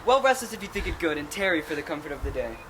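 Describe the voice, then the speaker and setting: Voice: mid-range voice, very animated, racing, fairly bright tone. An actor playing Lysander, an ardent young nobleman. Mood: tender. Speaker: stage actor. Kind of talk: outdoor Shakespeare stage acting. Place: outdoor town square. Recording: outdoor performance with background noise.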